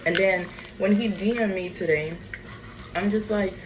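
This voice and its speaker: A woman telling a storytime rant in a casual vlog, blunt and sassy. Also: mid-range voice. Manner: blunt, sassy, drawn-out and expressive. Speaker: vlogger. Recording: noticeable background noise.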